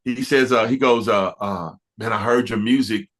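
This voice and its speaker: A middle-aged man, an R&B producer, telling stories in a casual interview, animated and stumbling over restarts. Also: lowish voice, normal speed. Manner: animated, laughing storyteller with many restarts.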